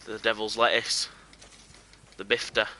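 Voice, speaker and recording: A man's voice: fairly low pitch, flat delivery, a little slow, pushed and bright, a little hiss or hum. A young British man chatting casually and joking with viewers while he plays a game on a live stream.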